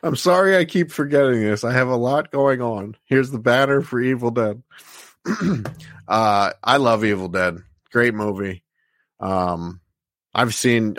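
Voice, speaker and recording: A man's voice: lowish voice, no room sound. A man co-hosting a live podcast, reading out movie facts with a lot of "uh" fillers. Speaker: podcast co-host. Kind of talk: casual live podcast chat.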